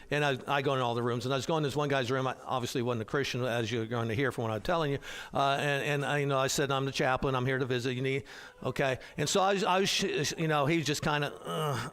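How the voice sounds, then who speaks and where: A man's voice: medium pitch, fairly bright tone, clean tone. A man teaching an adult Bible class in a casual, digressive way, with frequent restarts and fillers. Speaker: hospital chaplain.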